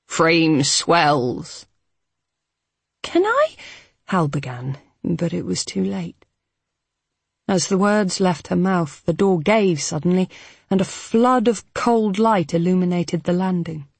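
An audiobook narrator reading a novel in a measured, even manner. The voice has a husky edge and is recorded dry and close, with no room sound. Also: mid-range voice, no echo. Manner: measured, even storytelling delivery.

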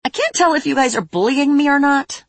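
A woman voicing a young female dragon who protests in a high, whiny voice. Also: expressive, fairly quick, no echo. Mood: indignant.

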